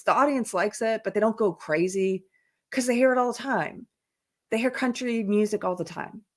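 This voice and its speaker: A woman hosting a casual livestream, chatting in a rambling way and reading viewer comments aloud. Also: lowish voice. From South Carolina, USA. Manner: chatty, rambling, laughs often. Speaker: livestream host. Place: indoors while traveling. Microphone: headphones in, computer mic.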